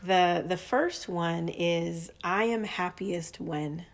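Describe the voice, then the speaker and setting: A woman hosting a podcast, guiding her guest calmly and affirming often. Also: lowish voice, slow. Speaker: podcast host.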